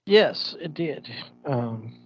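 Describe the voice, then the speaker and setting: A man with a lively, swinging voice ribs his co-hosts and argues about movies in a relaxed podcast chat. His mic sounds dull and lo-fi, with faint ambient noise behind him. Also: a little high, extremely slow. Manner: animated, teasing, swears in banter. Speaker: podcast co-host. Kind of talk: casual chat.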